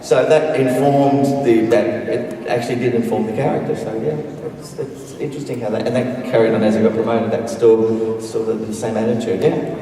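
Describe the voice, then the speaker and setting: A man's voice: medium pitch, steady tone, moderate pace, few pauses, warm tone. A man answering as a convention panel guest, joking at his own expense and laughing through his stories. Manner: self-mocking, laughing while telling stories. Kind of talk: casual panel chat. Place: large convention hall. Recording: echoey hall, mic heard from far.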